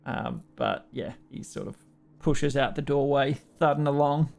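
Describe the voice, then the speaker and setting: Gravelly Australian game master. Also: male voice, mid-range voice, measured pace. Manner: relaxed, rambling, laughs often. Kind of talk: narrating a tabletop game, casual.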